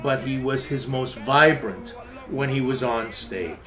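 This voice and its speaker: A man's voice: mid-range voice, measured pace. A man in a documentary interview, recalling a performer with fond admiration. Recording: roomy with music under.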